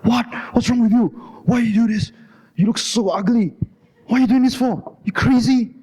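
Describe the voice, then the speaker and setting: A man putting on a shrill scolding Malaysian mother. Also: moderate pace, warm tone, breathy edge. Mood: furious scolding. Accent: Malaysian English. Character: angry scolding older mother.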